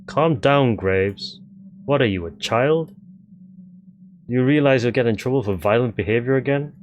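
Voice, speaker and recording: A man voicing a quiet, odd young man who answers in a flat, subdued way. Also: mid-range voice, normal speed, a little hiss or hum, natural voice. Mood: cold.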